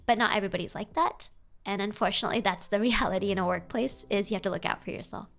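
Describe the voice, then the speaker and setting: A young adult woman streaming casual advice chat, animated and playful, jumping up in pitch for emphasis. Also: fast, creaky. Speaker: vtuber streamer giving advice.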